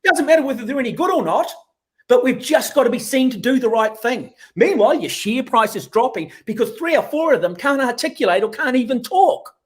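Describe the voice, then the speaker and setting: A man's voice: very high voice, animated, a little fast. Sarcastic, ranting New man. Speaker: rugby pundit. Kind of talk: opinionated radio talk.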